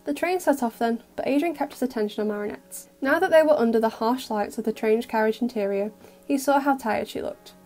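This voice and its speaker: A woman reads a fan audio story in a gentle, even narration. Her voice sits fairly high with a mellow, soft tone. Faint music plays underneath. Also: fairly quick. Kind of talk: scripted narration.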